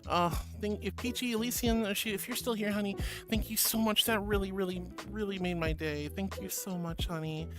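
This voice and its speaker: Bubbly woman streamer, chat-reading, mid-pitched, loud background music. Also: fairly even intonation, a little fast, hardly any pauses. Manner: bubbly, giggly, reads chat aloud. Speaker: VTuber streamer. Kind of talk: casual livestream chat.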